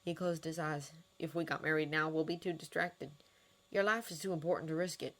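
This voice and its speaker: A woman voicing a kind, wry adult man who is a doctor and mentor, speaking earnestly and with gentle teasing. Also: low-pitched, fairly even intonation, a little fast. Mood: tender.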